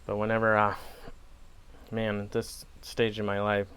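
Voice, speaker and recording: A man's voice: lowish voice, completely flat delivery, a little slow, a bit bright, clear, resonant tone. A man with a Wisconsin accent chatting casually on his pipe-smoking channel, wandering off on tangents and laughing at himself. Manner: rambling, digressive, laughs at himself. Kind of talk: casual vlog chat.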